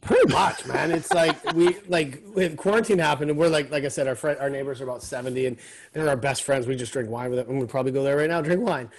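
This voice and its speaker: A man's voice: mid-range voice, fast. Enthusiastic podcast host, man. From Canada. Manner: enthusiastic, swears freely, calls the guest man and brother. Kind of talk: casual chat.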